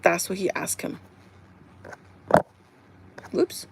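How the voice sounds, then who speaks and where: A woman live streamer in casual chat, retelling a TV episode in a chatty, animated way and laughing often. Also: drawn-out words, heavy background noise. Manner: chatty and animated, full of "like" and "kinda".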